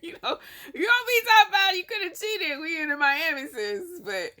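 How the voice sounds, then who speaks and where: A woman friend teasing and joking in quick slangy banter. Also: extremely high pitch, pushed and bright. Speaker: friend commenting on the prank. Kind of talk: casual chat.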